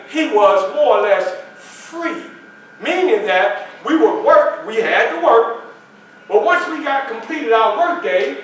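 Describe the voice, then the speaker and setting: A man's voice: very high voice, fairly bright tone, slight background noise. A man performing a first-person historical character for a library audience, telling his story in a folksy way and quizzing the crowd. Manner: folksy, questions the audience, plays the other people in the story. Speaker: historical reenactor. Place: library meeting room. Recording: echoey room from a far camera.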